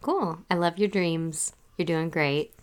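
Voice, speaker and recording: A woman's voice: fairly low pitch, slow, clear, resonant tone. A woman in her twenties hosting story time with her child, chatting casually and encouraging her. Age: 20s. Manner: encouraging, laughs easily. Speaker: host, mother of the reader.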